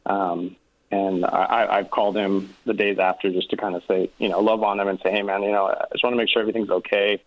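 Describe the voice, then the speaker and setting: A man's voice: fairly low pitch, flat delivery, fast talker. A man calling in to an advice show, hesitant and filling his speech with ums. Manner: hesitant, many fillers. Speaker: caller. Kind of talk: phone call to a talk show. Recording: muffled phone line.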